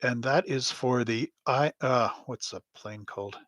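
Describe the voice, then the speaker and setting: A man's voice: mid-range voice, unhurried, a bit bright, no echo. A man hosting a live stream from his home hobby room, chatting in a rambling, anecdotal way with frequent chuckles. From Canada. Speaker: host. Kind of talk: casual live stream chat.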